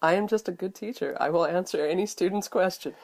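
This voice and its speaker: A giggly, teasing woman co-hosting a casual podcast. Her voice is on the lower side for a woman, and she laughs easily as she chats. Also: fast, creaky, a little mellow. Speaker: podcast co-host, voice actress. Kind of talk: casual banter.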